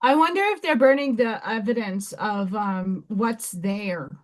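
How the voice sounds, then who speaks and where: A woman with a New York accent, somewhat hoarse, hosting a live stream where she chats excitedly and reads oracle-card affirmations aloud. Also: medium pitch, unhurried. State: hoarse, voice weakened. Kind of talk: casual live-stream chat and card reading.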